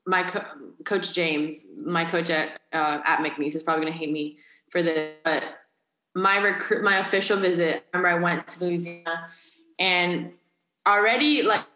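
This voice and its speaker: Bright-voiced chatty young woman, echoey room. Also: lowish voice, fairly even intonation, moderate pace. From Carlsbad, California. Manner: chatty, heavy use of "like". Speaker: college athlete guest. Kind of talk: casual interview chat.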